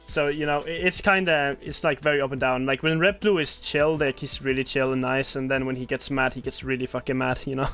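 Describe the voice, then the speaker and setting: A man's voice: medium pitch, steady tone, fairly quick, few pauses, fairly bright tone, soft background music. A man hosting a casual gaming podcast, easygoing and swearing freely between fillers.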